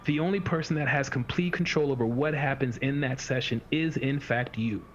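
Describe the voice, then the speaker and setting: Fairly quick and medium in pitch, the man rambles as a fitness coach during a casual podcast chat, acting out how his clients think to themselves. Faint hiss runs through the dull lo-fi recording.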